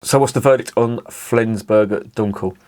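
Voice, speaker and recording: A man's voice: on the low side, moderate pace, a little mellow. A man casually tasting and reviewing a beer, chatty and rambling as he savours it.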